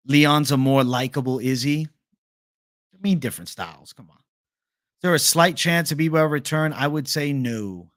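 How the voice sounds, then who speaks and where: A man's voice: a little high, moderate pace, fairly bright tone, no room sound, clean studio sound. A young man hosting a casual livestream, reading viewer questions aloud in a laid-back, profane bro manner. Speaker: livestream host.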